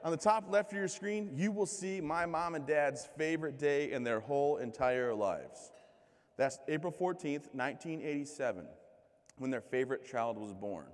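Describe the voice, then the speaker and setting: Joking man with hall echo. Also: a little high. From Michigan. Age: 30s. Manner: joking, self-mocking, lively crowd banter. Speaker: keynote speaker. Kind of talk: comic motivational keynote. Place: large conference hall. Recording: long hall reverb.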